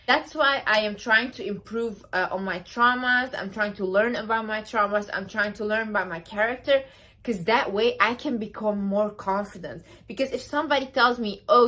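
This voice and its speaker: A woman's voice: mid-range voice, fairly bright tone. A young woman speaking as a self-help vlogger, giving blunt, emphatic advice and repeating her key phrases for force. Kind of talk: motivational advice monologue.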